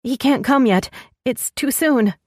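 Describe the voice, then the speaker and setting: A woman's voice: high-pitched, unhurried, dry recording, clean studio sound, pitched above the performer's own voice. A woman voicing a frightened young woman in labor, breathless and tearful as she pleads. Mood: panicked.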